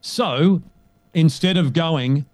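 A man speaking as a coach in a conversational interview, emphatic and animated, often checking in with "right?". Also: a little high, extremely slow, no echo. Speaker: guest, leadership coach.

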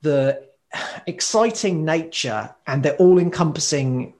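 Guy chatting, a bit high-pitched, gets all fired up and wanders off topic. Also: slow. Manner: animated, swears casually, drifts off on tangents. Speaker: occupational therapist. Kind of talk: casual chat.

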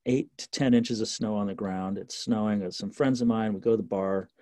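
A man telling stories in a casual interview, lively and full of fillers and restarts. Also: lowish voice, a little fast, no room sound. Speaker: interview guest.

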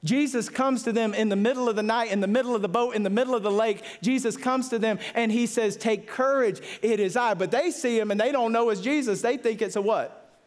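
A man pastor preaching a sermon with passion, repeating phrases and rising to excited peaks. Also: quick pace. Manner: impassioned, repetitive, builds to excited high-pitched peaks.

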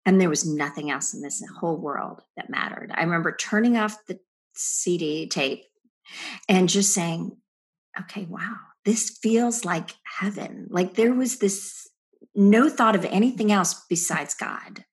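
Husky low-voiced woman telling her story. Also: a little slow. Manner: reflective, earnest storytelling with soft trailing phrases. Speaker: podcast guest. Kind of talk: personal testimony in a podcast interview.

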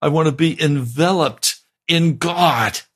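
A man's voice: on the high side, slow, husky. A man preaching a sermon as pastor, fervent and emphatic, repeating his pleas. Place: broadcast sermon.

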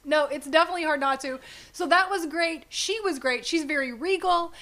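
Woman co-host, high voice, excitable and giggly, casual chat. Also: brisk. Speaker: podcast co-host.

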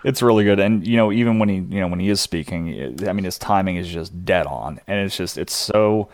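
A man with a low voice co-hosts a podcast and walks through a TV episode at an easy pace. He hesitates and fills his gaps with "uh" and "you know", recorded close and dry. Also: fairly quick, dry recording. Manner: laid-back, hesitant with fillers. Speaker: podcast co-host. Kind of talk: casual chat recapping a TV episode.

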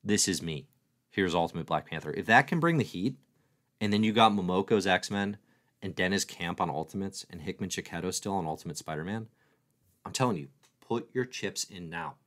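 A man hosting a weekly livestream, chatting casually, answering viewers' comments, excitable and playful with self-mocking jokes. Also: sits low, moderate pace. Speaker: livestream host.

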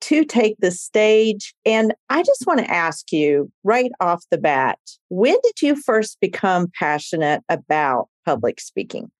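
A woman's voice: on the low side, very animated, measured pace, few pauses. A woman hosting a podcast, opening with a scripted intro and then chatting with her guest. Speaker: podcast host. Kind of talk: casual interview and scripted intro.

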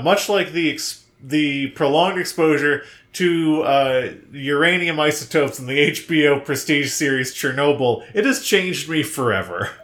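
Male podcast co-host, slightly high voice, echoey room, playful. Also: fairly bright tone. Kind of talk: casual chat.

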